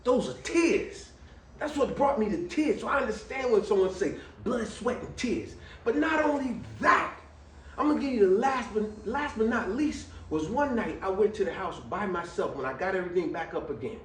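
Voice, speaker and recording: Animated man telling a story, roomy sound. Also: normal speed, noisy background. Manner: lively, swings between loud exclamations and low asides, laughs often; casual American slang, addresses viewers as y'all. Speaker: vlogger telling a personal story. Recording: roomy, a little distant from the mic.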